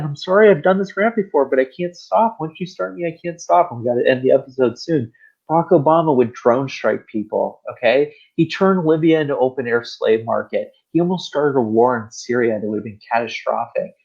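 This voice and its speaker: Guy ranting on a podcast, sarcastic and fired up, kinda husky, dull lo-fi sound. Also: medium pitch, fairly quick, darkish tone. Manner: heated, sarcastic, repetitive. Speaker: podcast co-host. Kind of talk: political rant.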